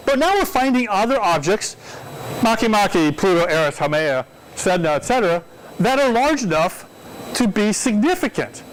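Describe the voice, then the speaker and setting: A man's voice: high-pitched, big pitch swings, normal speed, rough recording. A man giving a public astronomy talk to an audience in a conversational, digressive way, often checking in with questions to the room. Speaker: astronomy speaker.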